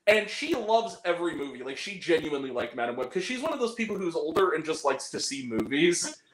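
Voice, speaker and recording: A man with a high, very lively voice, talking in an animated way during a casual podcast chat about movies. He swears freely and throws in exaggerated reactions. The room has a noticeable echo. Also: fairly quick. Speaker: podcast co-host.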